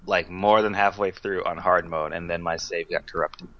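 A man's voice: low voice, fairly even intonation, moderate pace, a bit bright, no echo, muffled recording. A young man in a casual gaming chat, laid-back and laughing between lines.

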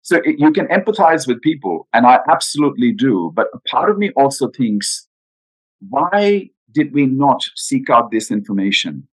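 A man's voice: mid-range voice, big pitch swings, normal speed, husky, low-quality recording. A man talking in an interview about retirement planning, earnest and emphatic, with frequent rhetorical questions. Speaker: guest financial adviser. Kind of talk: podcast interview.

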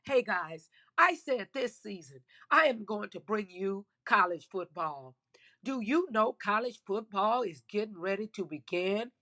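A woman's voice: medium pitch, expressive, measured pace, pushed and bright. A woman hosting a casual football talk show, chatty and emphatic, speaking to her listeners while losing her voice. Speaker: sports podcast host. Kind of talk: casual sports commentary.

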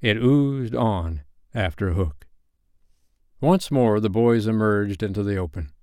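A man reads a bedtime story in a calm, gentle way. His voice is low and recorded close with no room sound. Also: slow, no echo.

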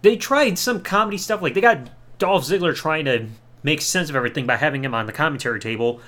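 A man's voice: fairly high pitch, fast, a bit bright. A man hosting a podcast, reviewing in a sarcastic, mocking way and swearing casually. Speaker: podcast host.

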